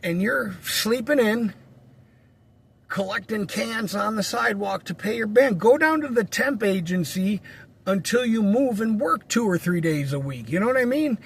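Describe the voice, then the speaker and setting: A man's voice: high voice, animated, moderate pace, creaky, slight background noise. A man telling a rambling story in a casual, profane monologue. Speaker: vlogger.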